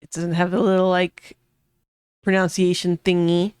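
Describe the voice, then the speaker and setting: A woman's voice: on the low side, little pitch movement, moderate pace, a little mellow, smooth, dry recording, clean studio sound. A woman streaming a video game, reading the dialogue aloud and joking around in a playful, giggly way. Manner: playful, giggly, jokey asides. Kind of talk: casual let's play commentary, reading game dialogue aloud. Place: home streaming setup.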